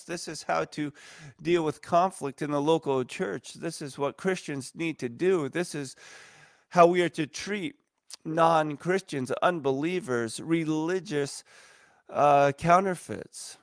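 Earnest man preaching, gravelly voice. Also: fairly high pitch, unhurried, dry recording, clean studio sound. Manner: earnest, emphatic preaching with lists of repeated phrases. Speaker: pastor. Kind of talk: sermon.

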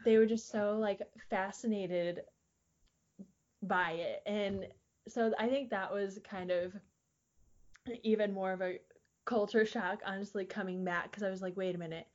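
A woman's voice: mid-range voice, fairly even intonation, a little slow, pauses often, lo-fi sound. A young woman, a podcast guest telling stories in casual chat, full of fillers and laughter. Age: young adult. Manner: rambling, filler-heavy, laughs often. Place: air-conditioned recording room. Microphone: studio microphone.

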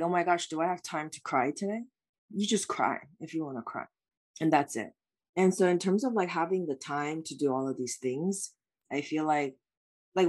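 A woman's voice: deep voice, darkish tone. A woman speaking as a life coach guest in an interview, answering in an earnest, reflective way with many "like" fillers.

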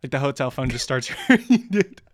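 A man's voice: medium pitch, very animated, fairly quick, no echo, clean studio sound. A young man, co-host of a podcast, telling a rowdy story in casual chat, swearing and laughing as he goes.

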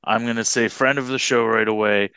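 A man co-hosting a podcast in casual chat, halting and hesitant as he talks. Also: on the low side, fairly even intonation, creaky, bright, forceful tone, clean tone, no room sound. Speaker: podcast co-host.

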